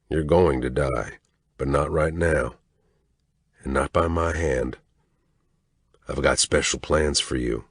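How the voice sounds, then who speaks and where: A man's voice: very deep voice, takes it slowly, long pauses, breathy edge, no room sound, studio quality. A man narrating a story in a menacing, crude voice. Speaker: audiobook narrator. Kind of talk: scripted narration.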